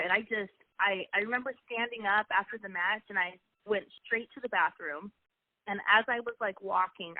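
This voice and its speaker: A woman's voice: medium pitch, no echo. A young woman, a coach's wife, telling personal stories in a chatty, emotional way with frequent restarts. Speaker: interview guest, wrestling coach's wife. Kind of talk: casual personal storytelling. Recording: tinny phone-like line, dry.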